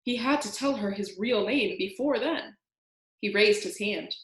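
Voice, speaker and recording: A woman reading a children's book aloud, animated and singing out the sound effects. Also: mid-range voice, unhurried. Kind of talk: read-aloud storytelling. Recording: roomy echo.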